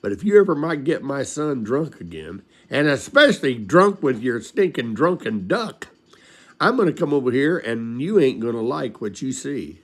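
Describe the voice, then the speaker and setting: An older man voicing a stern, protective mother who scolds and threatens a neighbor, lively in pitch. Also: moderate pace. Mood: scolding.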